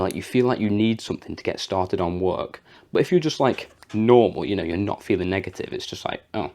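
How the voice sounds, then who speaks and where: A man's voice: on the low side, warm tone. A young man giving a rambling, chatty motivational talk, full of fillers, with a sore throat. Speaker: vlogger. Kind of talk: casual motivational talk to camera.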